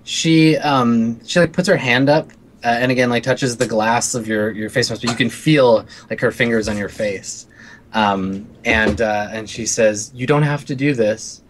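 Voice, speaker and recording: A man's voice: medium pitch, steady tone, unhurried, slight background noise. A man narrating a tabletop role-playing game as game master, loose and full of fillers.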